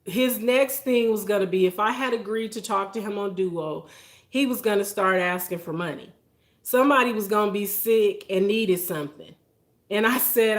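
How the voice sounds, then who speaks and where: A woman's voice: medium pitch, normal speed. A woman vlogger chatting casually to her viewers, emphatic and exasperated, laughing often. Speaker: vlogger host. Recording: echoey room.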